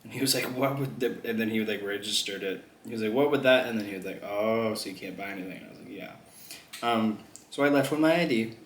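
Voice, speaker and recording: A man's voice: fairly low pitch, fast talker. A young man vlogging a mukbang, chatting loosely between bites, swearing and laughing often. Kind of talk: casual chat while eating. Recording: echoey room, faint background noise.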